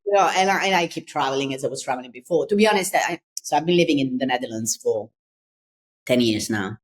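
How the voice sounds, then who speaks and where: Italian-accented woman, very low voice, podcast guest, candid. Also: quick pace. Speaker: guest, design consultant. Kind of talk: podcast conversation.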